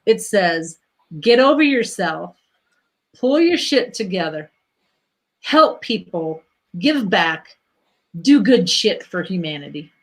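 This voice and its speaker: A woman doing card readings on a casual spiritual livestream talks in a mid-range, sing-song voice, taking her time and pausing often. Her manner is blunt, she laughs easily, and she swears without holding back.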